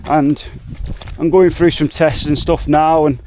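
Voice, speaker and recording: Slow, heartfelt man in his forties. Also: a little high, flat delivery, warm tone, slight background noise. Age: 40s. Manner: reflective, heartfelt, chatty. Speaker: hiking vlogger. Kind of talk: emotional hiking vlog. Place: outdoors in mountains by a lake.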